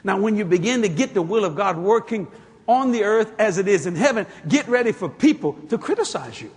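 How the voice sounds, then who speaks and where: A man's voice: high-pitched, a little fast, breathy edge. A man with a Cajun accent preaching a folksy sermon, acting out dialogue as he goes. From Louisiana. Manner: folksy, animated, acts out dialogue. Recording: long hall reverb, faint noise.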